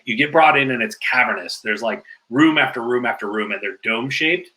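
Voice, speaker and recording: A man telling stories as a podcast guest, animated and chatty and full of filler likes. His voice is bright and forceful, at a middle pitch. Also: brisk, rough recording. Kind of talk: casual podcast interview storytelling.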